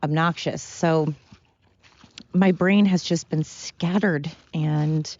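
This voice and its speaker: A woman's voice: low voice, steady tone, slow, a little mellow, muffled recording. A woman hosting her own podcast in a loose, self-deprecating ramble, out of breath as she walks uphill outdoors. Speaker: podcast host. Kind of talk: casual rambling monologue. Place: outdoors, walking up a hill.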